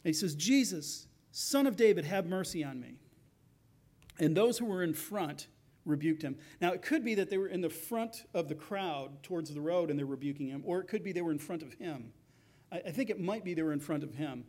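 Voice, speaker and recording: A man's voice: on the high side, expressive, fairly quick, darkish tone. A man preaching a sermon as pastor, in a conversational way, acting out the voices of the people in his story.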